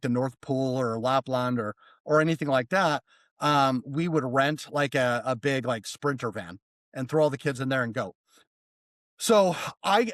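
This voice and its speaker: A man telling a story as a podcast guest in a casual, animated way, mimicking other people and swearing freely. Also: a little high, no room sound. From United States.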